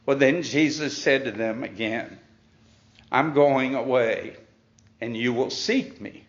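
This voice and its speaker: A man teaches from the Bible in a slow, deliberate preacher's cadence. He reads passages aloud and then unpacks them, leaning on key words for emphasis. The sound is dull and muffled, with a roomy echo around it. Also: medium pitch. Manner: reads scripture aloud, then explains it point by point; leans hard on key words. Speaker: pastor.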